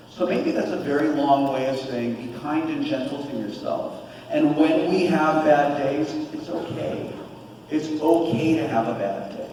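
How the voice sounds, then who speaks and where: A man's voice: fairly high pitch, a little hiss or hum. A man in his forties, a convention panel guest, speaking earnestly and openly about living with depression. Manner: earnest, open and animated. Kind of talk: candid panel talk. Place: large convention hall. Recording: echoey hall from far off.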